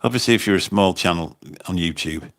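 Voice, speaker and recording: A gravelly, slightly bright voice sits low as this man talks briskly. He's a taxi driver doing a laid-back livestream on his phone, reading comments and rambling with repeated words.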